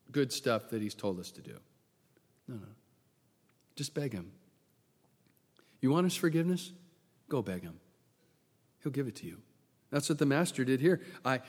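A man preaching a sermon, swinging from loud bursts to hushed near-whispers and acting out the voices in his story. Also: medium pitch. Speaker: pastor. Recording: long hall reverb.

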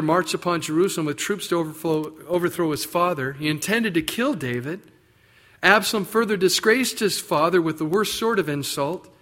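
A man delivers a sermon in an easygoing, conversational style, dropping personal asides and repeating his key lines for weight. His voice sits a little on the high side for a man. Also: a bit bright. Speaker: pastor.

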